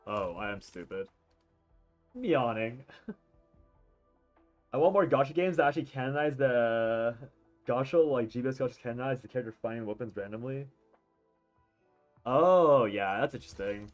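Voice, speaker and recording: A man's voice: mid-range voice, normal speed, long pauses, highs cut off, faint music behind. A man streaming a game, chatting casually and rambling with jokes, swearing and frequent laughter while tired and yawning. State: sleepy, yawning. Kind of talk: casual live-stream commentary while playing.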